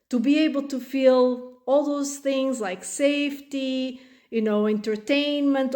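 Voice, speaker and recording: Young female parenting coach, fairly high voice, casual and chatty, social media piece to camera. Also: warm tone. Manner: chatty, many fillers, acts out voices of child and parent.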